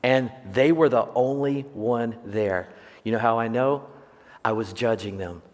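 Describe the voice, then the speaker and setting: A pastor delivers his sermon through personal stories, throwing questions and jokes to the congregation. His medium-pitched voice carries a long reverb from a large sanctuary. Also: measured pace, a little mellow. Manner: jokey storyteller, asks the congregation questions. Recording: long church hall reverb.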